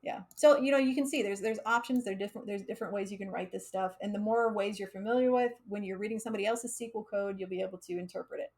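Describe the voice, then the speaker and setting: A woman's voice: mid-range voice, fairly even intonation, quick pace, few pauses, darkish tone. Chatty American woman teaching code. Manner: chatty, laughs often, uses fillers like um and like. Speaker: coding instructor streaming live. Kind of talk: casual live coding lesson.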